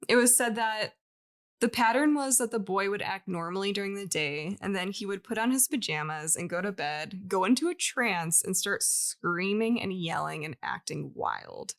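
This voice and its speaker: A woman's voice: mid-range voice, moderate pace. A woman co-hosting a podcast, telling a story in casual chat with frequent laughs and fillers. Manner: chatty, laughs often, many likes. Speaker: podcast co-host.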